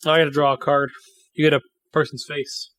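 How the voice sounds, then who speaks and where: A man as game master, running a tabletop game with a relaxed, joking manner. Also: on the high side, a little fast, no room sound, clean studio sound.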